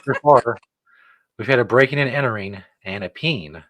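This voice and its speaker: A man's voice: mid-range voice, normal speed, fairly bright tone, no echo. A man hosting a casual show, joking dryly and chuckling often. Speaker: show host. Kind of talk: casual chat.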